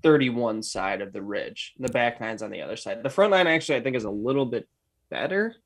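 A man's voice: mid-range voice, expressive, a little fast, no room sound. Laid-back golf podcast co-host, man. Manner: chatty, laid-back, drops slang like "dude". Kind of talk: casual chat.

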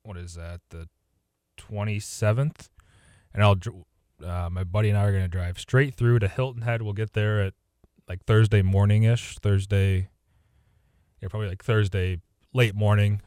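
A deep-voiced man chats on a golf podcast in a loose, rambling way, often stopping to correct himself mid-sentence. His tone stays easygoing. The recording is dry and close-miked. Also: steady tone, normal speed, pauses often, darkish tone, clean tone, no room sound. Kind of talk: casual chat.

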